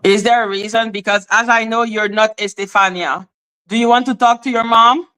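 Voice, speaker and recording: Woman, casual stream host, raised pitch, sharp bright tone, profane and scolding. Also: steady tone, moderate pace, clean tone. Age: adult, former high school teacher. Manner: blunt, profane and sassy, scolding the chat; big swings between high exclaims and low asides. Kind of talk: casual live-stream commentary.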